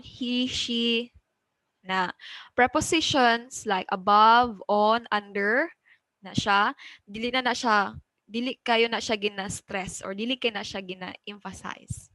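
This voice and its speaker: A woman teaching an English pronunciation lesson with a Cebuano Filipino accent. She mixes English with Cebuano, often checks in with "okay?" and slows down to stress example words. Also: medium pitch, bright, forceful tone, dry recording, poor audio.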